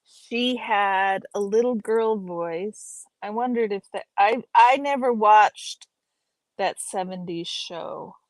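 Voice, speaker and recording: A woman's voice: mid-range voice, takes it slowly, no room sound, poor audio. A woman hosting a live stream, reading an academic paper aloud and breaking off to chat with her viewers. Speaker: livestream host reading aloud.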